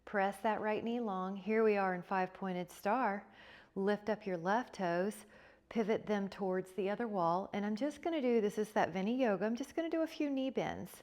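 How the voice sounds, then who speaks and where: Yoga instructor, woman, mid pitch; steady encouraging cues and breath prompts. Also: normal speed. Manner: calm, encouraging cueing with repeated breath prompts. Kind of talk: guided yoga class instruction.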